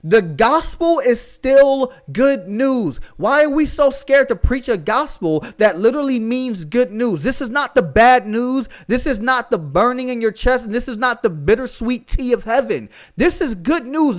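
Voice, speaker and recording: Young man with a Southern US accent, high-pitched voice, fervent casual preaching style, slang asides. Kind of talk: podcast sermon.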